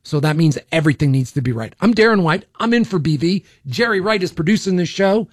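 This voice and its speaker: A man hosting political talk radio, his voice pitched a bit high for a man. He talks in a blunt, opinionated way, stumbling and repeating words as he goes. The studio sound is close and dry. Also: lively intonation, brisk, no room sound. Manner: blunt, opinionated, repeats himself with frequent restarts. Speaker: radio talk show host. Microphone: studio microphone.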